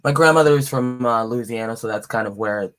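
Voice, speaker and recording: A man's voice: mid-range voice, fairly quick, fairly bright tone, soft background music. A man, an author, in casual conversation, laughing often as he talks. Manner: laughs often between remarks. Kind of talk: casual chat.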